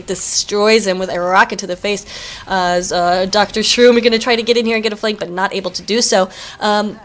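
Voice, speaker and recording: A young woman calls a competitive online match live, quick to get excited and quick to laugh at her own slips. She talks casually and drifts into chatty side remarks between plays. Her pitch sits in an ordinary middle range. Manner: chatty, excitable, self-deprecating asides. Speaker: esports caster. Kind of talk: live game commentary.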